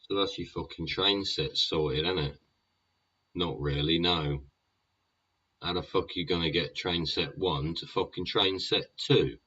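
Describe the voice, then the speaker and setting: A man's voice: deep voice, unhurried, bright, forceful tone, breathy edge. A man hosting a show, rambling in a sweary monologue full of tag questions like "yeah?" and "wouldn't ya?". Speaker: podcast host. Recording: dull lo-fi recording.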